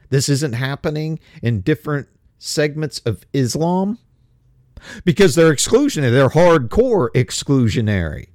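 Indignant male talk host, very animated pitch. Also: no room sound, clean studio sound. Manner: impassioned, indignant, mocking; climbs to heated, emphatic peaks, then drops low and slow. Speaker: show host. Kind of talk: opinionated talk show monologue.

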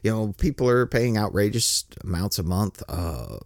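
A man's voice: fairly low pitch, sing-song, moderate pace, gravelly, dry recording, studio quality. Rambling, chuckling older male podcast host. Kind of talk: casual solo podcast monologue.

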